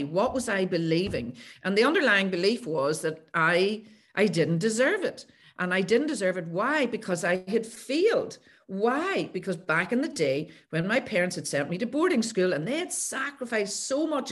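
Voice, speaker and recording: Woman coach telling stories on a podcast, lowish voice, acts out what people said. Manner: animated, acts out past conversations. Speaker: guest, coach who works with clients. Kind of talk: podcast interview storytelling.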